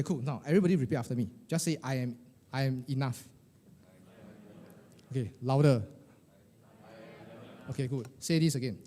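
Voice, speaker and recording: A middle-aged man, coaching a live group of financial advisors in a lively, colloquial way, firing questions at the room. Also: mid-range voice. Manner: animated, questioning the audience, colloquial with "lah" and "eh". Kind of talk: motivational workshop talk to a live group.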